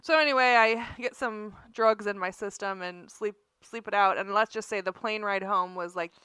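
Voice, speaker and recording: A woman co-hosting a podcast tells a story during casual chat, speaking in a mid-range voice at a moderate pace. The recording is smooth and dry with clean studio sound. She's an animated storyteller and laughs often.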